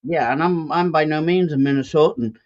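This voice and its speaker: An American man chatting casually on a panel, folksy and halting. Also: fairly high pitch. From USA. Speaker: podcast panelist. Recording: dull lo-fi mic.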